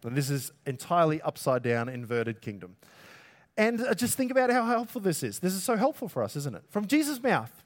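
A man preaching a sermon with a fairly high-pitched voice. He talks in a loose, conversational way, keeps his energy up and drops in jokey asides. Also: big pitch swings, fairly quick. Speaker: pastor.

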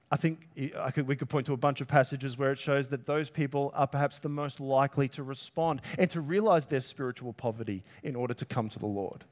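A man preaching a sermon. He talks in a conversational way, asks the listeners rhetorical questions and pushes his voice up on key words. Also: on the high side. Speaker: pastor.

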